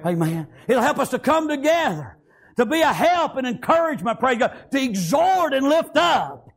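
High-pitched preacher guy, fired up, amen after every line, shouts sometimes. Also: very animated, moderate pace, vocal fry, slightly rough. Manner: fervent, repeats "praise God" and "amen", rises to shouts. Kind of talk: sermon.

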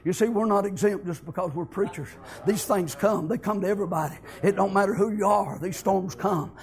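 A male preacher, telling stories in a fervent sermon that builds to impassioned shouting. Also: high voice, a little fast.

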